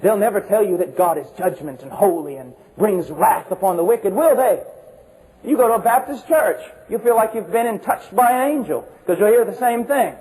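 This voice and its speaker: A man preaching with a notably high voice. He hammers his points with repetition and pointed rhetorical questions. His delivery lurches between raised, almost shouted declarations and low, hushed warnings. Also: lively intonation, moderate pace, poor audio. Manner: impassioned, emphatic, swings between shouting and hushed low tones. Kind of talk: sermon.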